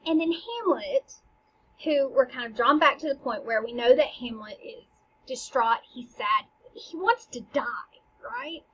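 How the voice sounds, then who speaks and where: High, breathy woman teaching casually. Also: expressive, measured pace, fairly bright tone, muffled recording. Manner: chatty, slangy paraphrasing with dramatic read-aloud. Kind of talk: casual literature lesson.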